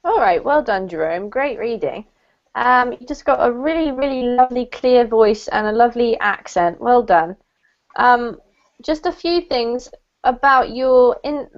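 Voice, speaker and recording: A woman runs an online English class, warmly praising and correcting word stress. Her voice sits a little high. The call audio is dull and lo-fi. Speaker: English pronunciation teacher.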